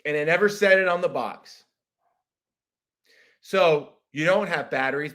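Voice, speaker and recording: Bright-voiced man ranting profanely. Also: a little high. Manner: profane, exasperated, jumps into loud shouted impressions. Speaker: podcast host. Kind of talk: comedic monologue rant.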